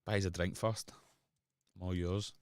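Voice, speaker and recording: A man's voice: sits low, flat delivery, unhurried, dry recording, studio quality. A man with a Glasgow-area Scottish accent, chatting casually and joking with viewers while producing music on a livestream. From Scotland. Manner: joking banter with chat, rambling.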